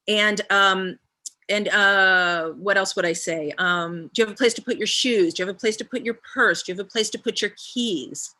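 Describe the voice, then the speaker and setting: A woman's voice: fairly low pitch, sharp tone. A woman guest speaker on a live stream, leading a visualization with a long string of reflective questions and frequent ums.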